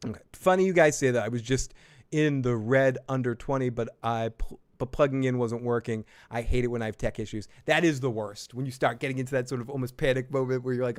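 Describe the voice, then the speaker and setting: A man's voice: mid-range voice, fast talker. A man giving a casual, jokey show recap and telling stories, rambling and swearing freely. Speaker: TV show reviewer.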